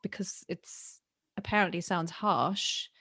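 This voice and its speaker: A British woman hosting a casual interview podcast, telling stories in a lively way and laughing often. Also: lowish voice, takes it slowly, husky, no room sound, studio quality. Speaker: podcast host.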